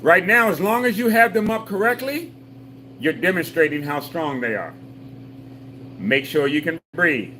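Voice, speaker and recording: A man's voice: on the high side, animated, moderate pace, bright, forceful tone, a little hiss or hum, poor audio. A man leading a live exercise class for seniors, giving patient, repetitive step-by-step cues with folksy jokes. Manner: patient, repetitive coaching with call-and-response cues. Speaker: senior fitness instructor.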